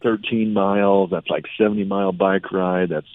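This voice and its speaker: A man, a functional medicine doctor, telling lively patient stories with lots of fillers as a radio show guest. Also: sits low, moderate pace. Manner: animated storytelling with fillers. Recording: tinny phone-like radio audio.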